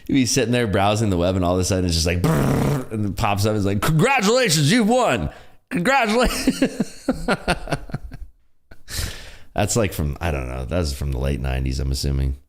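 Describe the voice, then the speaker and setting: Hosting a live day-trading stream, a man chats casually with his audience, joking and laughing often as he gives trading commentary. His deep, slightly mellow voice runs very fast with few pauses, picked up by a desk computer streaming setup.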